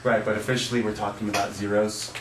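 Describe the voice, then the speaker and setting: A man's voice: on the low side, level tone, fast, noisy background. A man teaching a math class, playful and upbeat, quizzing his students. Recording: echoey classroom, mic at a distance. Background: students answering.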